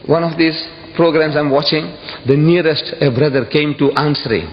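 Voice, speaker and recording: A man giving an impassioned public speech to an audience, emphatic and repeating phrases, with sudden high exclamations. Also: steady tone, moderate pace. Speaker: public speaker addressing an audience. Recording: dull echoey hall recording with faint hiss.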